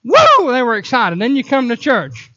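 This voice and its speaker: A man preaching a sermon in a church, telling animated stories broken up by sudden whoops. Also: very high voice, moderate pace, muffled recording. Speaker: pastor. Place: church sanctuary.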